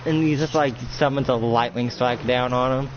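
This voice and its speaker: A young man improvising a roleplay story with excitement, swearing and acting out fight noises. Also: medium pitch, moderate pace, noisy background. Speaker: roleplay player. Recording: muffled lo-fi recording with music behind.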